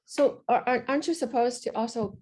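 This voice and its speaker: A woman interviewer asking gentle, measured questions and giving soft sounds of agreement. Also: a little high, breathy edge. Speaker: interviewer, researcher.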